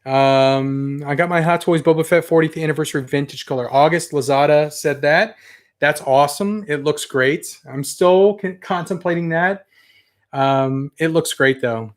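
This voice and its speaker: A man's voice: on the high side, normal speed. A young adult man casually chatting on a toy collecting livestream, rambling and enthusiastic as he reads viewer comments. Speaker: toy collector channel host.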